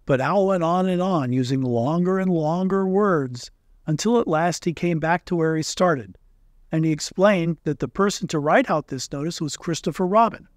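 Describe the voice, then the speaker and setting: A man narrating a children's storybook in a calm, measured way. His voice sits slightly high. It is recorded close and dry, with no room sound. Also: dry recording. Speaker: audiobook reader.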